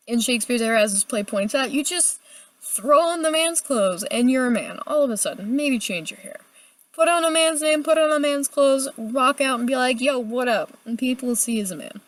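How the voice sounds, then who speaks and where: A young adult woman giving a casual, chatty video review, animated and full of filler words. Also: high-pitched, no echo. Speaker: book reviewer.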